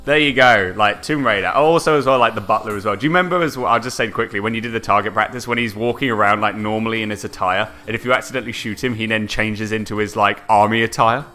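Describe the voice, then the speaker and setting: Animated bright-voiced male podcast co-host. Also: fast, hardly any pauses, soft background music. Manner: animated, laughs often, acts out quotes in high voices. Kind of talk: casual gaming podcast chat.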